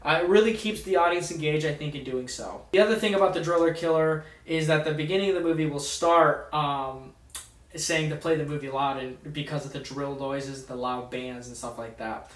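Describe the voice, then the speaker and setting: A man's voice: fairly high pitch, steady tone, normal speed, a bit bright. A man casually reviewing horror films in a rambling way, full of ums, uhs and restarts. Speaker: movie reviewer. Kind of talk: casual movie review vlog. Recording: echoey room, distant mic.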